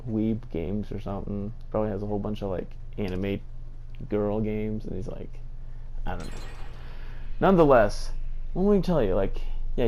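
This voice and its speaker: A man's voice: lowish voice, dark tone. A man, a gaming video creator, ranting casually and indignantly, rambling with lots of fillers and laughs. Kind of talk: casual rant to camera.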